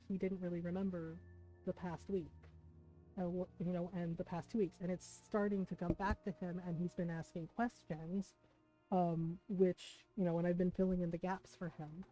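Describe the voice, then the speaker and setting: Emotional woman streamer, dark and flat. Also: on the low side, moderate pace. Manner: emotional, many fillers and "right?" asides. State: close to tears. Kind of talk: casual chat to stream viewers. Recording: dull lo-fi stream audio with soft music.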